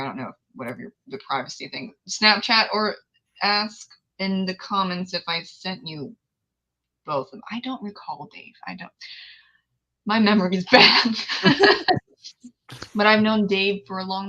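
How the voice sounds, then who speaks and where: A woman author chats loosely on a book launch livestream. Her voice sits low but rings bright and clear. She wanders between thoughts and laughs easily. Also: muffled recording. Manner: chatty, scattered, laughs often. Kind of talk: casual livestream chat.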